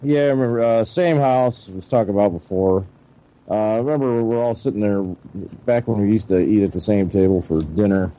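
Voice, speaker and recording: A man's voice: lowish voice, brisk, mellow. A man telling a story as a radio show co-host in casual chat, laid-back and profane.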